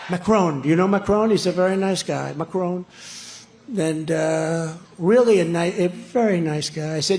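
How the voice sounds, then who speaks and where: A man's voice: fairly high pitch, normal speed, a little mellow, husky. A man giving an off-the-cuff rally speech from a stage, rambling, boastful and repetitive, mocking his rivals into a podium microphone. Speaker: political candidate at a rally. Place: stage at a political event.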